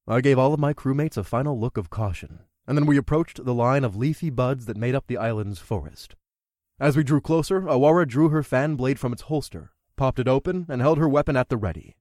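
A man's voice: mid-range voice, brisk, darkish tone, dry recording, studio quality. Wry male fantasy audiobook narrator. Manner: wry, conversational. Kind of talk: first-person audiobook narration.

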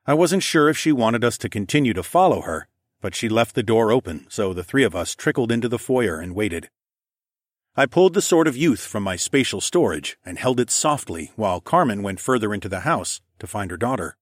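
A male narrator reads a first-person fantasy audiobook in a steady, even voice. His pitch sits on the low side. The recording is dry and close. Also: a little fast, no echo.

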